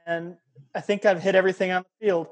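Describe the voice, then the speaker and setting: A man's voice: high-pitched, flat delivery, fast. A man hosting a radio sports show, joking easily and laughing along with his guest. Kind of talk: casual sports talk.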